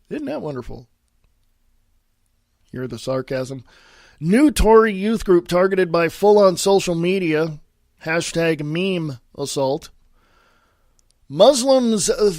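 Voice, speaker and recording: In a studio-quality recording with no room sound, a podcast host with a high-sitting voice runs a solo political show. He reads headlines aloud, adds sarcastic asides, repeats himself, and frequently coughs and clears his throat.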